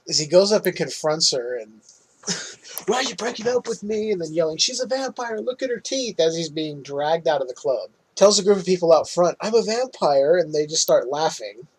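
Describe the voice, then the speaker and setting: A man hosting a podcast, casually recapping a film's plot in an animated way and laughing often. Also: on the high side, husky, poor audio. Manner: animated retelling, quick laughs. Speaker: podcast host.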